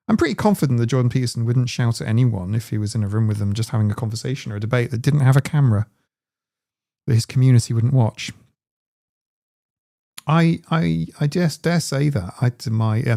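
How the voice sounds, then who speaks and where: A man's voice: medium pitch, expressive, brisk, creaky, mellow. A man hosting a live stream, chatting casually in a rambling, digressive way. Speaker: streamer host.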